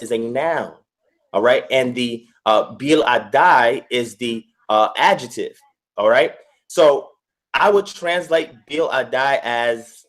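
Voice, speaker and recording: A man giving an online scripture lesson on a video call, going over each point step by step and repeating it for emphasis. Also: medium pitch. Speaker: guest teacher.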